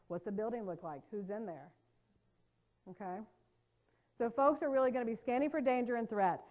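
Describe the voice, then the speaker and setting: Lively woman trainer with a high voice. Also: normal speed. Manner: lively, conversational, checks in with tag questions. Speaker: trauma-informed care trainer. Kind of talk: live workshop lecture.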